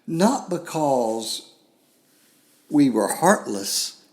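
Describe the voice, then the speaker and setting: An older man hosting a podcast, telling a solemn personal story in a slow, grave way with long pauses. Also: mid-range voice, very animated. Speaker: podcast host.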